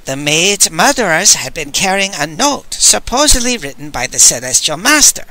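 A man voicing an old, sardonic male sage who talks in a dry, brisk, exasperated way, in an audiobook. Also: a little high, big pitch swings, sharp tone, exaggerated voice, poor audio. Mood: explaining. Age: older.

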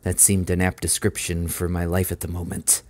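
A man reading a novel aloud as an audiobook, in a steady, measured first-person narration. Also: deep voice. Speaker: audiobook reader.

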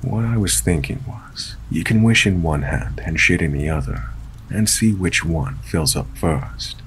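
A man narrating a first-person scary story in a steady, low-key storytelling manner. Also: measured pace, slight background noise.

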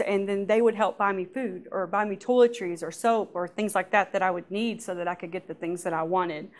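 A woman giving a lively personal testimony at church, often laughing and acting out what people said. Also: medium pitch.

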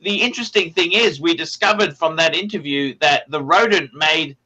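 A man's voice: a little high, normal speed, sharp tone, low-quality recording. A man hosting a casual livestream chat, swearing freely and reading out donations. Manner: brash, profane, rattles off donation names. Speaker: livestream host.

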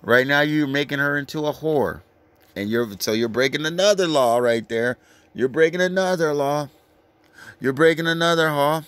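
A man's voice: fairly high pitch, a bit bright, clean tone, dry recording. Brash, crude-talking man preaching scripture. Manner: brash, crude, lecturing, reads verses slowly. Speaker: street preacher. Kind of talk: profane scripture rant.

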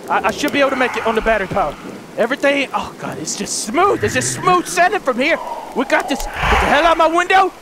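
Frantic high-voiced man, cursing at monsters. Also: big pitch swings, quick pace, very noisy. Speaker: gaming video host. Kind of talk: horror game commentary.

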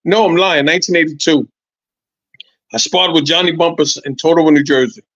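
A man's voice: fairly high pitch, brisk, no echo, lo-fi sound. Profane storytelling man in his sixties. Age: 60s. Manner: animated storytelling, profane, repeats phrases. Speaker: interview guest, former boxer. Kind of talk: casual podcast chat.

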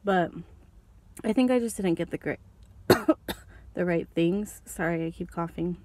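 A woman's voice: fairly low pitch, measured pace, a little mellow, no echo. A young woman vlogger eating lunch in her parked car, rambling casually into her phone and coughing now and then. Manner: rambling, chatty, eating and coughing while talking. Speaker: beauty vlogger. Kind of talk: casual mukbang chat. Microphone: phone held in hand.

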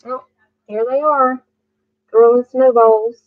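A woman reading a bedtime story aloud to children, pausing to ask the listener questions. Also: on the high side, fairly even intonation, dry recording. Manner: slow, asks the listener questions. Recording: muffled dry recording.

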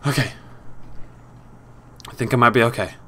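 A British man commentating his gameplay, swinging from exasperated yelling to low muttering. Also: normal speed, slight background noise. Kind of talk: let's play commentary.

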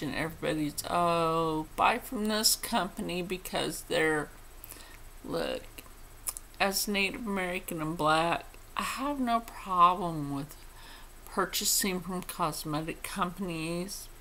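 A woman's voice: fairly low pitch, slow, pushed and bright, a little hiss or hum. A woman vlogger chatting casually to her viewers, blunt and opinionated, swearing freely. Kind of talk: casual chat to camera.

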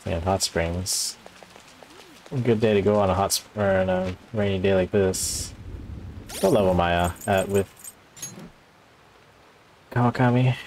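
A man quietly thinking aloud as he plays a game, in casual commentary. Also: a little slow, long pauses, slight background noise. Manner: low-key muttering, thinking aloud. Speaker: gamer.

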